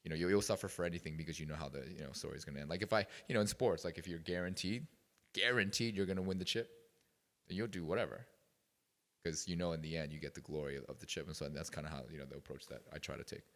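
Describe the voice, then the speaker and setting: Very deep-voiced fast-talking man. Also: big-room sound. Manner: rambling, storytelling, many fillers. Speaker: guest speaker at youth retreat. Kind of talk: casual talk to a youth group. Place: retreat meeting room.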